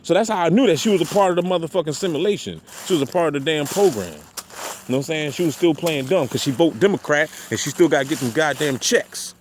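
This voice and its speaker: A man's voice: a little high, animated, quick pace, slight background noise. A man talking outdoors in a rambling, profane monologue, heavy on street slang and "you know what I'm saying.". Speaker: vlogger. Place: outdoors at a park parking area.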